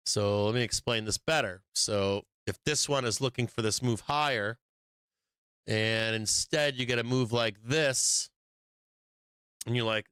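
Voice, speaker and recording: A man talks through stock charts in a blunt, rambling, profane way, with plenty of ums and asides. His voice is bright and smooth. It is recorded dry and close. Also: lowish voice, dry recording. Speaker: stock market show host. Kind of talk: casual trading commentary.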